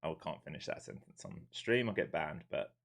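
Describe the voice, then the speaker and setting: A man's voice: a bass voice, expressive, a little fast, gravelly, a bit bright. A man with a London accent chatting casually on a live stream while giving blunt, laid-back market commentary. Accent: London English. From London, England. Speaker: live-streaming day trader.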